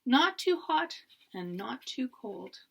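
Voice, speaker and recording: A woman's voice: on the high side, big pitch swings, slow pace, fairly bright tone, slight background noise, full character voice. A woman voicing a curious, picky young girl who grumbles about what she tries in a storybook reading.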